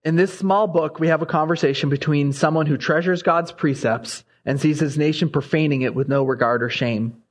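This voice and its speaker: A man's voice: fairly high pitch, steady tone, moderate pace, hardly any pauses. A man preaching a sermon, growing impassioned as he reads scripture aloud. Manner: impassioned, rising when reading scripture aloud.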